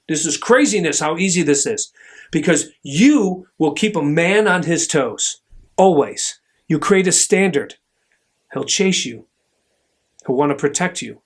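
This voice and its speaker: A middle-aged man with a somewhat high voice gives a motivational talk. He tells his stories with emphasis and acts out the voices. His pitch swings widely. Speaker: podcast host, chiropractor.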